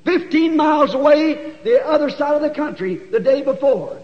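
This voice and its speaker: Heard on a dull old church tape with a long hall reverb, a man preaches at normal speed in a very high, ringing voice. His sermon storytelling is folksy and animated, building to shouts.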